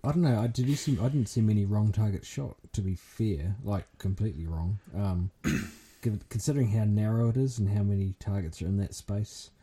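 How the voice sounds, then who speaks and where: A New man with a dark, mellow, husky voice talks casually. He hesitates with lots of fillers and pokes fun at himself. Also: fairly low pitch, a little fast, hardly any pauses. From New Zealand. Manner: hesitant, many fillers, self-deprecating. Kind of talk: casual chat.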